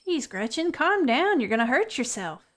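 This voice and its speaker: A woman's voice: high-pitched, very animated, normal speed. A woman playing a cheery, reassuring hiker girl. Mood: fond. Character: upbeat young woman, cryptid-hunting hiker.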